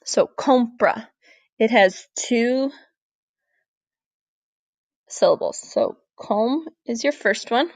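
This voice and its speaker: A woman Spanish teacher, walking through a recorded grammar lesson, clear and deliberate, slowing down to model words. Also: a little high, expressive, a little mellow, no echo. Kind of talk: recorded classroom lesson over slides.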